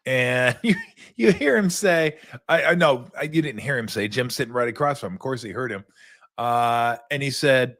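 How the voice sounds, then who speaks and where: Animated middle-aged male storyteller. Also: medium pitch. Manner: animated, repeats words. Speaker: host, former basketball player. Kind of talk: casual storytelling.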